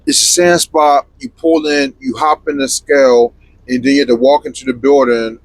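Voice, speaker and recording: A young man co-hosting a trucking podcast, telling road stories loudly, laughing often and swearing a lot. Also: medium pitch, steady tone, moderate pace, rough recording. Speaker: podcast co-host, truck driver. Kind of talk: casual chat.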